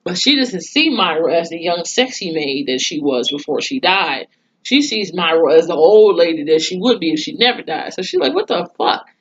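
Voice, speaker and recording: Blunt, foul-mouthed woman with a low voice. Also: animated, moderate pace, breathy edge. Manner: profane, blunt storytelling. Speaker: TV episode reviewer. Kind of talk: casual episode recap. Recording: dull lo-fi recording.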